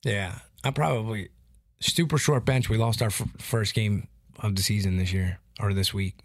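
A man co-hosting a casual chat, telling stories in a loose, profane, animated way. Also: lowish voice, moderate pace, no room sound, clean studio sound. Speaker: podcast co-host.

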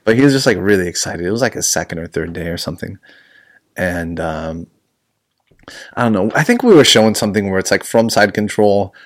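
A man hosting a casual podcast chat as a jiu-jitsu instructor, rambling, swearing and laughing often. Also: low voice.

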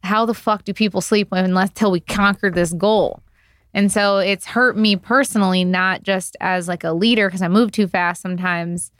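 A woman guest on a podcast talks in an intense, candid way, often fast and swearing freely. Her voice sits in a middle range. The sound is dry and close. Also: mid-range voice, fairly even intonation, fairly bright tone, no room sound. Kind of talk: casual chat.

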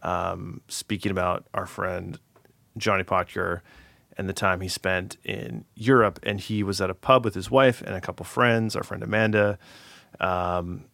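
Gravelly low-voiced man telling a story. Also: a bit bright, no room sound. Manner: rambling, filler-heavy storytelling. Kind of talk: casual storytelling chat.

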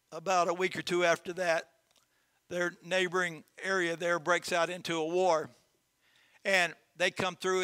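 A man's voice: high voice, sharp tone, dry recording. A man preaching a sermon as lead pastor, speaking earnestly, repeating phrases and telling folksy stories.

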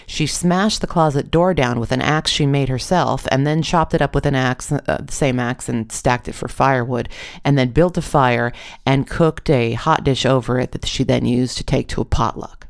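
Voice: medium pitch, moderate pace, vocal fry, clean tone. A storyteller telling a funny first-person story with dry, wry asides.

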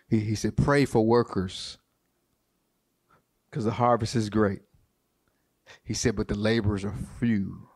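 A man's voice: lowish voice, moderate pace, a little mellow. Man preaching with insistent repetition. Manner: preaching with repetition and call-and-response; folksy, informal church talk with "y'all". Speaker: pastor. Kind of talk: sermon.

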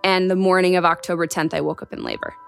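As a podcast guest, a young adult woman tells her own story earnestly, emotionally and candidly. Her voice sits on the low side, steady and creaky, and she talks fast over a music bed.

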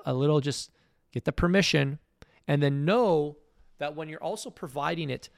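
A man's voice: fairly high pitch, vocal fry, no echo, studio quality. A middle-aged man hosting a podcast, giving a blunt, emphatic motivational monologue. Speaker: podcast host.

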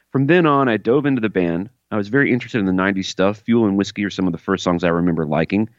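Quick jokey podcast host, man. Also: lowish voice, no echo, lo-fi sound. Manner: jokey, quick, reads emails aloud with asides. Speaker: podcast co-host reading listener emails. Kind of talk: casual podcast chat.

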